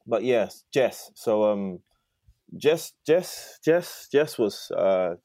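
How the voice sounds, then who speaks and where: Deep-voiced man, dry sound. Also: sing-song, mellow, no room sound. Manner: halting, with many restarts and fillers. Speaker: podcast guest. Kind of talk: casual conversational interview. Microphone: laptop on a video call.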